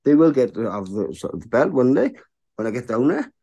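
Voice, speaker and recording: A man's voice: medium pitch, big pitch swings, brisk, vocal fry, dark tone, slightly rough, muffled recording. A man in his thirties, a bare-knuckle fighter, talking frankly in a casual interview and often asking "do you know what I mean?".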